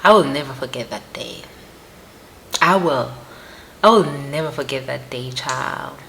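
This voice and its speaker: With a very deep, creaky voice and a slightly slow delivery, a young South African vlogger tells her viewers a personal story over slight background noise. She speaks emphatically and with animation, repeating phrases and talking directly to them.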